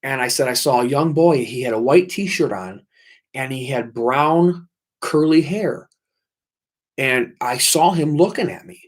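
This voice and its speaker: Male livestream host, middle-pitched voice, intense storyteller who repeats himself and curses. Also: animated, unhurried.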